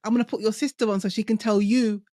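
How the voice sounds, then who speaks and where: Woman podcast host, slightly high voice, dry close sound. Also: fairly even intonation, fast, no echo. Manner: warmly reactive, laughs along. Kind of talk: interview chat.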